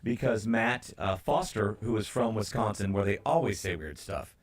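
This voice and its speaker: A man co-hosting a sports radio show. He tells stories in a casual, chatty way. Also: on the low side. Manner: chatty storyteller, slows down to stress points.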